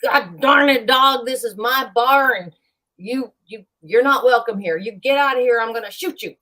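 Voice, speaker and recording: A woman voicing a gruff male saloon bartender who blusters and threatens in a joke. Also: fairly high pitch, normal speed, sharp tone, pitched above the performer's own voice. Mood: angry.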